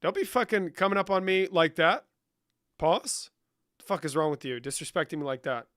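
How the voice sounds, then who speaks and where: A man's voice: a little high, moderate pace, a bit bright, no echo, clean studio sound. A young man hosting a livestream, reading chat questions and answering with profane, joking banter. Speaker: livestream host.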